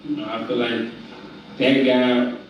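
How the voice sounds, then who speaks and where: A man's voice: mid-range voice, completely flat delivery, measured pace, muffled recording. A man who is a boxer answering questions at a press conference, speaking in a determined, repetitive way. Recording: echoey hall from far off with faint noise.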